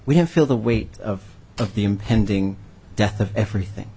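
Husky low-voiced man telling a story. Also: moderate pace, mellow. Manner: earnest, heartfelt storytelling. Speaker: language educator on a panel. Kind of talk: storytelling answer in a panel discussion.

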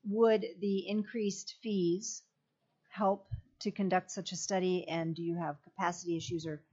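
A woman legislator with a slightly low voice poses her questions politely and a little tentatively in a committee hearing. Her voice comes through muffled, lo-fi audio. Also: flat delivery, a little slow, warm tone, slightly rough.

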